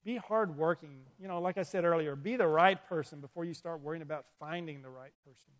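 Speaking briskly in a slightly high voice, a youth pastor delivers a sermon to young people before an audience in an indoor room. His style is animated, built on storytelling, and he addresses listeners directly to urge them on.

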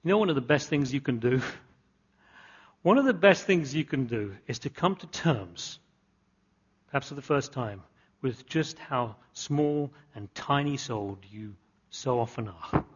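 A man's voice: mid-range voice, lively intonation, measured pace, breathy edge, dull audio. A man preaching a sermon, repeating key phrases and building to emphatic climaxes. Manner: earnest, repetitive emphatic preaching with rising climaxes. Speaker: pastor.

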